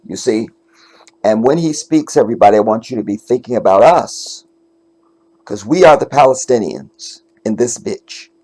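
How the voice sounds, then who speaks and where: A man's voice: on the low side, animated, moderate pace, a little mellow, slightly rough. A man hosting casual reaction commentary, talking emphatically and with swearing straight to his viewers. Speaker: commentator host.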